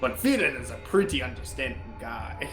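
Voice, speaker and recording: A man's voice: medium pitch, sing-song, brisk, a bit bright, faint music behind. A man playing in a tabletop game, talking loosely and chattily with fillers and laughs. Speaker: player. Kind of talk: casual tabletop game play.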